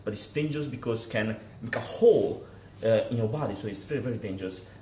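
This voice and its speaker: A man playing a boastful blinking competitor who claims laser eyes, in excitable broken English, recorded in an echoey room. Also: fairly low pitch, fast talker, slight background noise, close to an everyday voice. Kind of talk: mockumentary interview.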